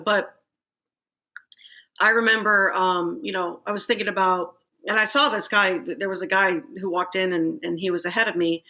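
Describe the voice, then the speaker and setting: A woman co-hosting a casual podcast chat, telling stories with lots of fillers and acted-out quotes. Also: mid-range voice. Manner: animated storyteller, acts out quotes. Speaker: podcast co-host.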